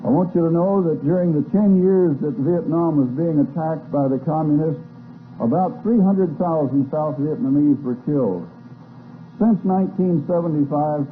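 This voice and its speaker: Older male lecturer with a fairly high voice, folksy and wry, on thin hissy old tape. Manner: folksy storyteller with wry asides. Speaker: speaker. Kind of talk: lecture to a live audience. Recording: tinny phone-like old tape with faint hiss.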